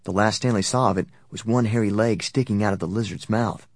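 A man narrating an audiobook in a steady, even storytelling manner. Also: lowish voice, fairly quick, no room sound, studio quality. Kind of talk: scripted narration.

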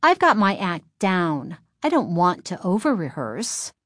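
A woman's voice: fairly low pitch, very animated, unhurried, a bit bright, no room sound, studio quality, heavily acted. Woman doing a smug, sarcastic girl. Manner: sarcastic, self-assured. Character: cocky young girl ventriloquist, sarcastic.

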